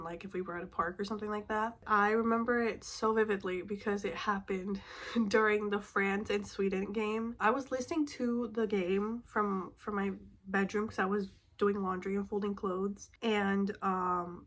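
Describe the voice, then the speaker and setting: A woman's voice: mid-range voice, a bit bright. A young woman chatting casually to her vlog audience, sounding a bit nasal from a cold, rambling with fillers and the odd swear word. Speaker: vlogger. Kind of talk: casual sit-down chat.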